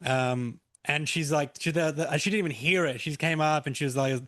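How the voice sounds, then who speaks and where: A man's voice: on the high side, fairly quick, fairly bright tone, dry recording, clean studio sound. A man hosting a comedy podcast, chatting easily and backing his guest with short agreements and laughs. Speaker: podcast host. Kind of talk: casual chat.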